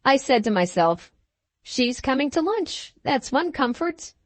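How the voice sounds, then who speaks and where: A woman reading the part of a blunt, plain-spoken gentleman farmer in an audiobook, with an earnest, emphatic manner. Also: sits high, sing-song, a little slow, dry recording, pitched above the performer's own voice.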